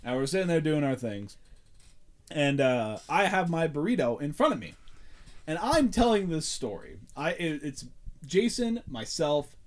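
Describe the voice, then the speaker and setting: A man's voice: on the high side, sing-song, measured pace. A man hosting a podcast, telling a rambling story in casual chat and laughing often. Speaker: podcast host.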